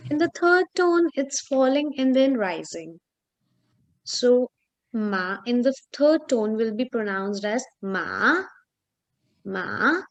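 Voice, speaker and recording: A woman walks a student through a Chinese lesson, speaking slowly and carefully. Her voice sits a bit high, and she pauses often with small fillers as she explains. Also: animated, muffled recording. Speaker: Chinese tutor. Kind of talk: online language lesson.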